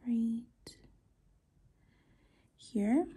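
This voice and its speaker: A young woman talking softly through her nail art work, often trailing into whispers as she concentrates. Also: on the high side, expressive, slightly rough. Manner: slow, soft-spoken, often trailing into whispers while concentrating. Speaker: nail artist vlogger. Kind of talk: casual work-along narration.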